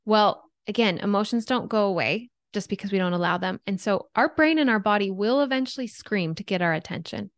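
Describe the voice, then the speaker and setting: A woman in her thirties, a podcast guest talking about emotions, telling stories with lively shifts into quoted thoughts. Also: medium pitch, brisk, few pauses, no room sound, clean studio sound. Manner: animated storyteller, voices her own and others' thoughts. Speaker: podcast guest, anxiety coach. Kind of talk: conversational interview.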